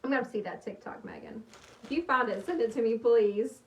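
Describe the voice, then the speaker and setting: Chatting to her livestream viewers while she crafts, a young woman rambles in a bubbly way, her voice fairly high and fairly quick. The recording sounds roomy and slightly distant, with a faint hiss.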